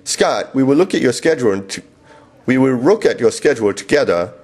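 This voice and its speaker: A man voicing a pedantic male quality control manager who talks slowly and formally, in a patronizing way. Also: medium pitch, animated, darkish tone, husky. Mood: officious.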